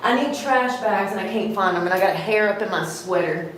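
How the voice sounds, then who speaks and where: A woman chatting casually to her viewers while clearing out a room, rambling, sniffly and a bit out of breath. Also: mid-range voice, fairly quick. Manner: rambling, talks to herself and viewers, swears lightly. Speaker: vlogger. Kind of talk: casual livestream chat while tidying. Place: room being cleared for painting, indoors. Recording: roomy echo with faint background noise.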